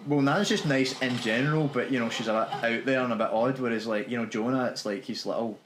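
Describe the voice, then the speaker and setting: A Scottish man playing a video game and chatting casually, reacting excitedly to what happens on screen. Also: medium pitch, fast talker, roomy sound, noisy background. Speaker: let's play co-host and player. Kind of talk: casual gaming chat.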